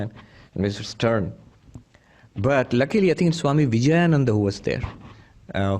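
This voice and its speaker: A man's voice: medium pitch, a little mellow. A man who is a monk, giving a spiritual talk full of anecdotes, chuckling often as he tells them. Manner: chuckling storyteller, many restarts. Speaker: monk teacher.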